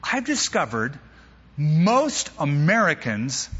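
Pastor guy preaching, bouncy storyteller with jokes, kinda husky, muffled echoey hall sound. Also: fairly high pitch, takes it slowly. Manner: animated storyteller with humorous asides. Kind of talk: sermon.

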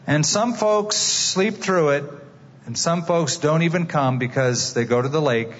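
A man's voice: on the high side, unhurried, a little hiss or hum. A man preaching a sermon as a dramatic story, asking his listeners direct questions. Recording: dull, reverberant hall.

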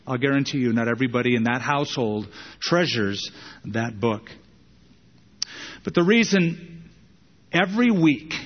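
A man pastor preaching a sermon in a church sanctuary, talking in a conversational way with repeated emphatic phrases and sudden pitch jumps. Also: big-room sound, lo-fi sound.

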